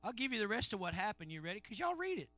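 Male pastor, high sharp preaching voice, call-and-response sermon, dry recording. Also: sing-song, racing, no echo, soft background music. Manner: call-and-response preaching, swinging between loud shouts and low murmurs.

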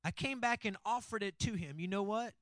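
Man, preacher, very high voice, dry close sound, calls out to the crowd. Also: fairly quick, fairly bright tone, no echo. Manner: preachy call-and-response with congregation. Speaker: pastor. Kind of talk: sermon.

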